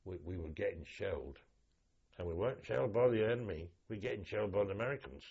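An older man from London, a veteran telling war stories in an oral history interview, lively and acting out the voices in his anecdotes. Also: fairly low pitch, quick pace, vocal fry, husky, dull audio.

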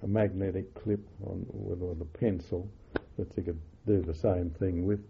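Gravelly older man reminiscing. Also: low-pitched, fairly even intonation, background noise. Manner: halting, many fillers and self-corrections. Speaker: interviewee. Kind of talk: oral history recollection. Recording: muffled phone-like lo-fi audio.

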